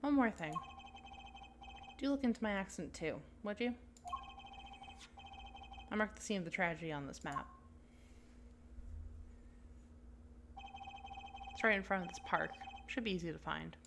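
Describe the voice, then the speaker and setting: A woman voicing a teasing middle-aged father who speaks in a dry, calm way. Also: mid-range voice, fairly quick, gravelly, long pauses, noisy background.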